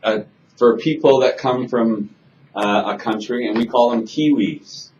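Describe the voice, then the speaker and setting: A man's voice: mid-range voice, measured pace, a little mellow, lo-fi sound, a little hiss or hum. A man teaching an English conversation class, friendly and chatty, asking students simple questions.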